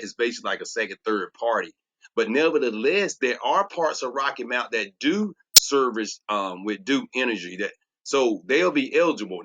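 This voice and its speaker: Man preaching a solar pitch, keeps saying watch this, dull lo-fi sound, slightly high voice. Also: a bit bright. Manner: preachy, emphatic, repeats "watch this". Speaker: transformational coach. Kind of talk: solar sales presentation.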